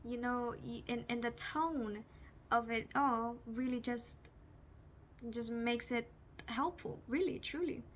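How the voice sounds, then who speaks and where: A woman's voice: a little high, slow pace, slight background noise. Chatty, giggly woman vlogger. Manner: chatty, giggly, gropes for words. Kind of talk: casual talk to camera.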